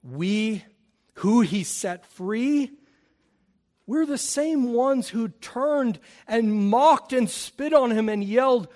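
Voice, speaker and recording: A man preaching a sermon, swinging from hushed, quiet stretches to loud, impassioned appeals. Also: very high-pitched, animated, slow pace. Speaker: pastor.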